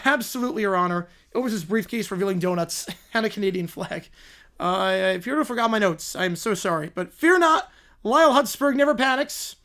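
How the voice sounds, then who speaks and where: A man's voice: sits high, expressive, brisk, bright, forceful tone, exaggerated voice. A man playing a bumbling, endlessly apologetic defense lawyer in a comedy courtroom sketch, stammering and nervous. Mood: flustered.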